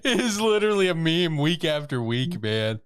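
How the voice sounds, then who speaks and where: Male podcast co-host, smooth clear voice with lively pitch, laid-back and joking. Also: normal speed. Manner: laid-back, joking reactions, says "dude" and "man". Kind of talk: casual anime podcast chat.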